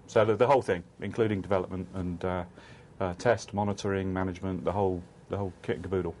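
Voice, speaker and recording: A man's voice: deep voice, steady tone, quick pace, darkish tone, slight background noise. A man speaking as an analyst on a panel, hesitant with frequent restarts. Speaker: analyst guest. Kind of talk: panel discussion.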